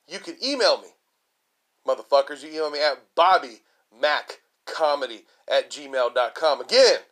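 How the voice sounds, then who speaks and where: A man's voice: medium pitch, fairly bright tone. A man hosting a comedy podcast, ranting in a rambling way, swearing constantly and leaning on fillers like "you know" and "like". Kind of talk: casual profane rant. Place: lives in a large Texas city.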